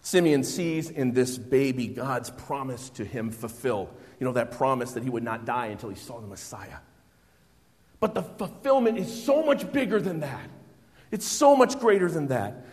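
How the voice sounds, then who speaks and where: A middle-aged man preaching a sermon, swinging between hushed, reflective passages and loud, exclamatory bursts. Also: mid-range voice. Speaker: pastor. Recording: long hall reverb.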